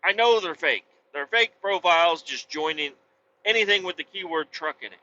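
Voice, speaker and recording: A man vlogging from his truck on the highway, chatting casually in a blunt, rambling way and swearing freely. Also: lively intonation, normal speed, sharp tone. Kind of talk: casual chat while driving. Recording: dull lo-fi audio with faint road noise.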